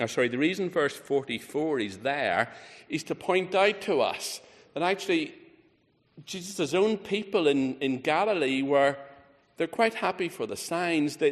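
A man preaching a sermon, emphatic, rising on key words and falling low and quiet at the ends of phrases. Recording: reverberant hall.

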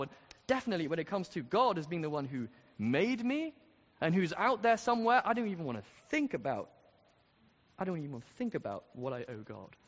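A man's voice: a little high, very animated, fairly quick. A man preaching a sermon, speaking earnestly and building to emphatic questions. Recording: long reverb of a large hall.

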